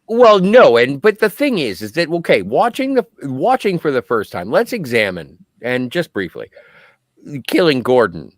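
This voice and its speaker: A male podcast host chatting excitedly and emphatically about a movie. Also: medium pitch, moderate pace, no room sound. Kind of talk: casual movie discussion.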